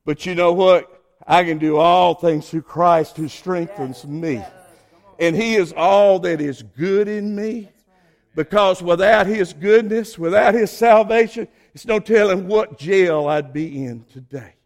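Here a Southern pastor with a strikingly high voice delivers a sermon at an unhurried pace. Folksy and fervent, he stretches key phrases and raises them to ringing peaks in his Southern United States accent.

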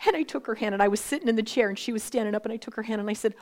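A woman in her sixties giving a faith talk to a live group, speaking in an animated, conversational way and often dropping to a whisper for emphasis. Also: on the high side, rapid-fire. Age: 60s. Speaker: women's Bible study speaker.

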